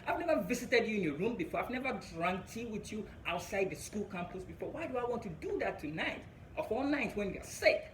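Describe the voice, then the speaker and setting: A young Ghanaian man doing stand-up storytelling, animated and laughing at his own story. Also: high voice, brisk, roomy sound, slight background noise, low-quality recording. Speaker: stand-up comedian.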